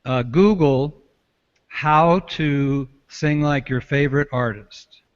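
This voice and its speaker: Relaxed man, vocal coach on a call. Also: on the high side, takes it slowly, clean tone. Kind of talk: casual chat. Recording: dull lo-fi online call audio.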